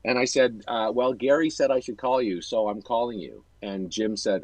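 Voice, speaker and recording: A man with a husky, mid-range voice hosts a casual chat over a video call. He tells a story in a rambling way, correcting himself as he goes. The sound is dry and close. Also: medium pitch, moderate pace, few pauses, a little mellow, no room sound, low-quality recording. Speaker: host.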